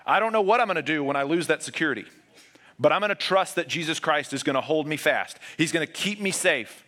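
A man preaching a sermon as pastor, earnest, moving between raised urgent passages and hushed, low emphasis. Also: animated, quick pace.

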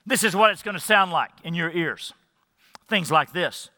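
Male pastor, emphatic sermon, bright tense voice, close and dry with long hall reverb. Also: sits high, expressive, moderate pace. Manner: emphatic, direct appeals to the congregation.

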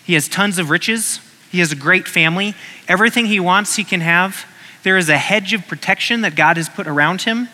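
A man's voice: sits high, a little fast, bright, forceful tone, big-room sound. A man preaching a sermon in a conversational way, reading scripture and acting out short voices.

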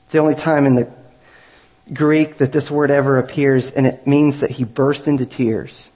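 A man's voice: mid-range voice, level tone, moderate pace, a little mellow. Earnest male pastor in a reverberant hall. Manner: earnest, builds to raised emphatic peaks. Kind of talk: sermon.

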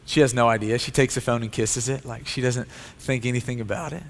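A man's voice: medium pitch, steady tone, brisk, hardly any pauses. A male pastor preaching a sermon with an earnest, repetitive cadence. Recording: long hall reverb.

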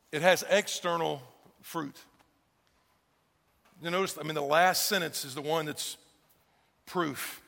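High gravelly pastor in a reverberant hall. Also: male voice, pushed and bright. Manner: conversational, asks the congregation rhetorical questions. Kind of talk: sermon.

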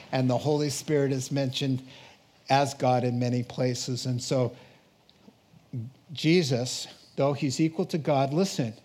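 A male pastor preaching a sermon in a lively way, joking with the congregation and laughing between points. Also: a little high. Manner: animated, jokes with congregation, laughs often.

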